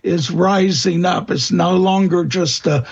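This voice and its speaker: A man speaking as a guest expert in an interview, answering in a halting way with many fillers and restarts. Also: sits high, vocal fry, breathy edge, highs cut off. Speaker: guest expert on vampire lore.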